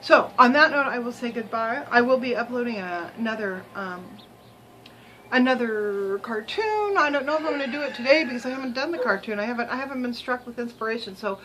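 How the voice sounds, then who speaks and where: A woman's voice: a little high, expressive, fairly quick, background noise. An older woman vlogging in a rambling, chatty way, with many ums and restarts, sometimes talking while she chews. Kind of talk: casual chat to camera.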